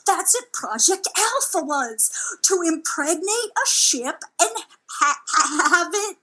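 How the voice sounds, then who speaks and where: Slow, lively, bright-voiced improvising woman. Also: very high voice, poor audio. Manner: rambling, excitable storytelling with restarts. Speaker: comedy improviser playing a crew translator. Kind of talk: improvised comedy scene.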